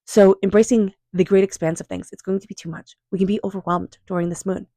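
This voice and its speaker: A woman doing a tarot reading, speaking in a calm, unhurried, affirming way and softly repeating invocations. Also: medium pitch, no room sound, studio quality. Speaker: tarot reader. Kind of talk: tarot card reading monologue.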